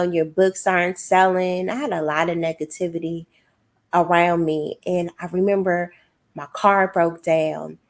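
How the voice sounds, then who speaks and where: This middle-aged woman talks in a fairly low voice. She is a guest author telling a personal story in casual podcast conversation, full of feeling and quoting the people in it. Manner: emotional, testimonial storytelling with quoted voices.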